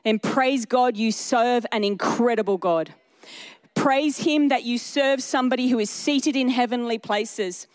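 A woman preaches with a somewhat high voice, earnest and emphatic. She talks to her congregation conversationally and stacks repeated phrases for emphasis. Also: a little slow. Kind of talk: sermon.

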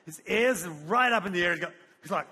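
A man preaching a sermon in a church hall, telling a story in an animated way and laughing as he goes. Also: high-pitched, fast, slight background noise. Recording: long hall reverb.

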